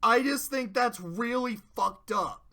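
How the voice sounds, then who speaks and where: A young adult reviewer giving casual spoken commentary, profane and excitable, ranting with sudden loud bursts. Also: medium pitch, slow pace. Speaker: video reviewer.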